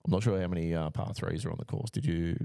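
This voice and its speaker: Gravelly low-voiced man. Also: fast, no echo, studio quality. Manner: relaxed, rattles through names and odds with fillers. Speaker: podcast co-host giving betting picks. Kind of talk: casual podcast chat.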